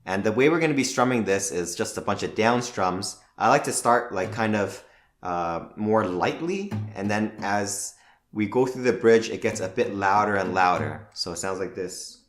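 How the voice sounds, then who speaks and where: A man teaching a guitar lesson, calmly naming the chords and counting out strum patterns. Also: on the low side, moderate pace. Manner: calm, counts out strums plainly. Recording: roomy with loud guitar music. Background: guitar playing.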